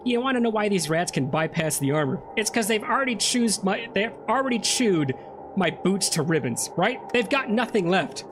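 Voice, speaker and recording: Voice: medium pitch, animated, moderate pace, noisy background. A let's play host giving casual gameplay commentary, chatty and joking while reading game text aloud.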